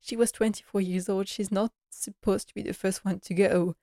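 A woman's voice: mid-range voice, fairly even intonation, moderate pace, dark tone, no echo, studio quality. A woman giving a casual episode recap in an earnest, emotional way, often saying "like" as she goes. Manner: earnest, emotional, many filler likes. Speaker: TV series recap vlogger.

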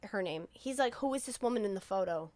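A woman's voice: mid-range voice, lively intonation, quick pace, darkish tone. A tipsy woman co-hosting a podcast, retelling movie scenes in casual chat and acting out the characters' lines. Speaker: podcast co-host recapping a movie.

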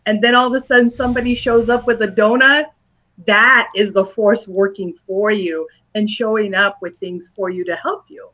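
A woman guest, a school psychologist, giving calm interview answers and patiently explaining in simple terms to a young interviewer. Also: a little high, moderate pace, dull audio.

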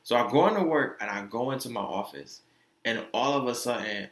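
A man's voice: medium pitch, expressive, brisk. A young man telling a personal story in a loose, candid, profane way, acting out the quoted lines. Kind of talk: casual storytelling. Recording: echoey room.

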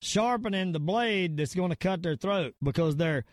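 A middle-aged man with a Southern US drawl hosts a casual podcast. He rambles, stumbles over repeated words and leans hard on his points. His voice sits a touch high for a man and sounds close and dry. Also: lively intonation, normal speed, no echo. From Virginia / North Carolina area, US. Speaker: podcast host. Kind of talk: casual podcast rant and sign-off.

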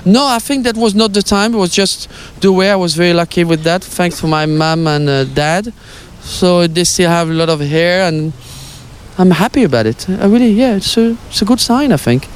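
A man's voice: sits high, moderate pace, slight background noise. Older French-accented man, outdoors. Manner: hesitant, many fillers, playful. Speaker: former tennis pro interviewee. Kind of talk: casual interview.

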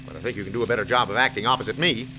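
An actor playing a grumbling, jealous husband in a 1940s radio comedy, on an old broadcast recording. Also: male voice, fairly low pitch, racing, music in the background, close to an everyday voice, rough recording. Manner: sulky, grumbling. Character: grumpy, jealous middle-aged husband Oliver.

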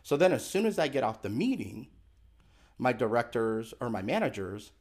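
A middle-aged man with a mid-range, slightly mellow voice speaks at a normal pace, sounding animated. He's a podcast guest sharing a personal story, earnest and emphatic, candid to the point of confession, and he acts out the dialogue he remembers.

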